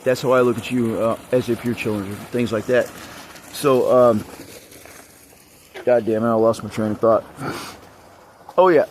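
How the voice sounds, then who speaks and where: A man's voice: mid-range voice, steady tone, measured pace, pauses often, darkish tone, slight background noise. Rambling, agitated man venting. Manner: agitated, rambling, heavy swearing. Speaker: vlogger. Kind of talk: rambling monologue to camera.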